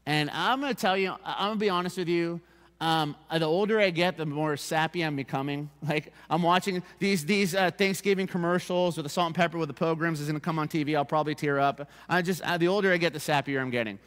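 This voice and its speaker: A man's voice: on the high side, fast, fairly bright tone, big-room sound. A man preaching a sermon as pastor, emphatic and repeating key phrases for his congregation. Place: church sanctuary.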